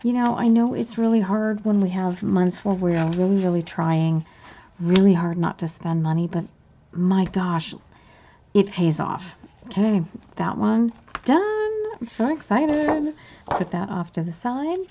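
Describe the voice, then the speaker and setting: A woman, a bubbly, chatty budgeting vlogger talking through her cash envelopes and getting excited easily. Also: fairly low pitch, a little slow, dull audio, a little hiss or hum. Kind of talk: casual cash envelope walkthrough.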